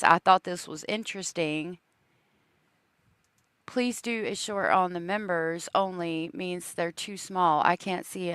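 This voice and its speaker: Slow, chatty woman streamer. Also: mid-range voice, fairly bright tone, smooth, no room sound. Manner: chatty, laughs often, greets viewers. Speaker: true crime livestream host. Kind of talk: casual livestream chat.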